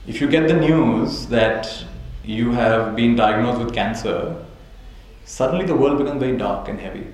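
A man's voice: mid-range voice, normal speed, a little mellow. A man teaching a live audience as a spiritual teacher, telling stories, chuckling often and checking in with "right?". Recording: very echoey hall, faint noise.

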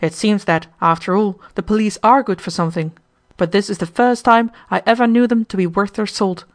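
A woman voicing a shrewd, calm male millionaire hotel owner, speaking in a quiet, deliberate way. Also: mid-range voice, lightly acted. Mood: cool.

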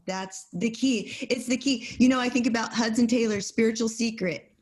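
A woman's voice: fairly high pitch, moderate pace, few pauses, darkish tone, rough recording. A woman teaching at a Bible study over a video call, emphatic and repeating her key phrases.

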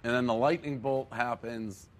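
A man's voice: mid-range voice, fairly even intonation, moderate pace, slight background noise. A man hosting a sports talk show, bantering casually and chuckling.

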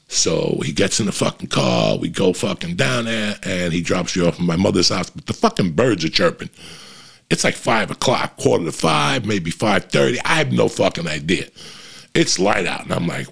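Sex: man. Style: profane casual storytelling. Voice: heavy gravel, husky. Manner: animated. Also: normal speed. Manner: animated, swears constantly, jumps in pitch for emphasis.

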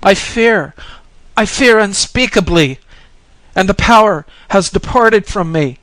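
A trembling young pilgrim cries out in terror, as a male narrator puts him on. The voice leaps well above the reader's own and grows loud and pleading. It is recorded close and dry, with no room sound. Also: high-pitched, lively intonation, takes it slowly, no room sound, pitched above the performer's own voice, heavily acted. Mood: terrified. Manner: shrieking, fearful pleading.

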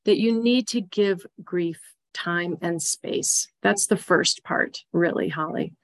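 A woman guest on a podcast interview, explaining grief support in an earnest, gently instructive way. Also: fairly low pitch, takes it slowly. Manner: earnest, gently instructive, repeats key phrases. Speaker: grief guide.

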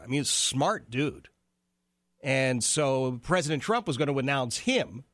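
A man hosting an opinionated talk show, giving animated, sarcastic commentary. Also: a little high, dry recording, studio quality. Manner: animated, sarcastic, mimics people he quotes.

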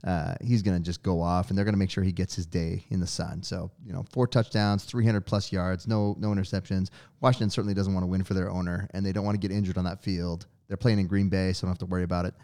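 A man's voice: low-pitched, little pitch movement, fast, dark tone. A man serving as guest host on a sports show, making wry, sarcastic jokes as he gives his picks. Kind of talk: casual sports chat.

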